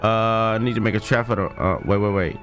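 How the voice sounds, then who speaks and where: A man hosting a gaming video, giving casual, slangy let's-play commentary and yelling in fright. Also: fairly low pitch, brisk, over music. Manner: excitable, yells in fright, slangy.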